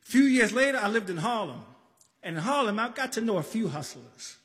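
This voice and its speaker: A man from the Bronx telling a story on a live stage, animated, acting out voices and shouting at times. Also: high-pitched, a little fast. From the Bronx, New York. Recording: live stage recording in a reverberant hall.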